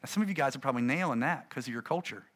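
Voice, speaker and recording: A middle-aged man, a pastor, gives an animated, conversational talk to fellow preachers and acts out his stories. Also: medium pitch, very fast.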